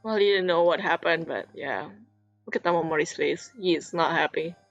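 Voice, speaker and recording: A woman's voice: deep voice, fairly quick, no echo, muffled recording, soft background music. A woman playing a story game, reading its text aloud and chatting emotionally about it. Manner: casual, chatty, emotional commentary. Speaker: game streamer.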